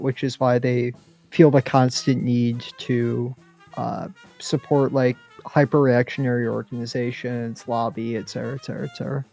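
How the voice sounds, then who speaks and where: A man co-hosting a podcast in casual talk, deliberate and lecturing, with many pauses. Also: medium pitch, creaky, dark tone. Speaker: podcast co-host.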